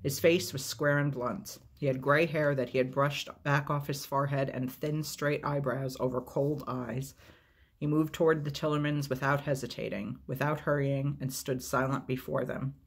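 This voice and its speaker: A man reads a novel aloud as a storyteller, in a steady, measured, unhurried way. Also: mid-range voice, creaky, husky.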